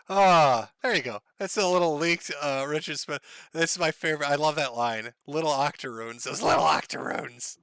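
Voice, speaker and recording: A man's voice: a little high, sing-song, a little slow, pushed and bright, no room sound. A man hosting a live stream, commenting sardonically and laughing often. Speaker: livestream host.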